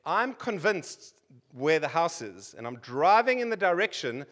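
A high-pitched South African man in his forties delivering a sermon. He keeps it conversational, tossing in wry jokes and asides to the congregation. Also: very animated, unhurried, fairly bright tone. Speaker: preacher.

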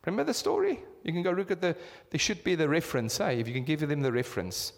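A South African man in his fifties preaches in a church hall with a long, ringing reverb. His voice sits fairly high and swings widely as he fires repeated rhetorical questions at the congregation. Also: big pitch swings, quick pace, hardly any pauses. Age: 50s. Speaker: pastor. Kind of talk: sermon.

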